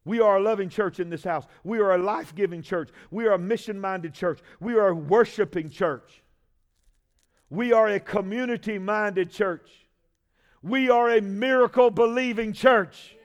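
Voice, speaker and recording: Male pastor, very high voice, call-and-response sermon delivery that swells into shouting. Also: normal speed.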